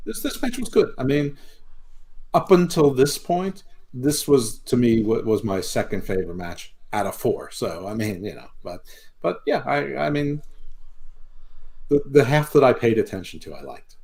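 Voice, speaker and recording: A man's voice: medium pitch, animated, moderate pace, darkish tone. A man co-hosting a wrestling podcast, telling stories in a rambling, swearing way with many restarts. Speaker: podcast co-host. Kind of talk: casual wrestling recap chat.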